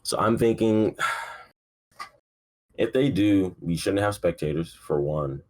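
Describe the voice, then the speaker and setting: A man's voice: low-pitched, lively intonation, slow, darkish tone. A young man hosting a casual solo sports podcast, rambling and swearing freely in a sleepy, offhand way. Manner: rambling, profane, laid-back with frequent fillers. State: sleepy, yawning. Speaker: podcast host.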